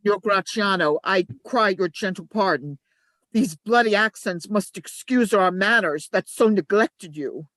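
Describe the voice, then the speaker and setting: In an amateur play reading, a woman voices a scheming male ensign, shifting from urgent shouts to low asides. Her delivery is unhurried and natural, with no echo.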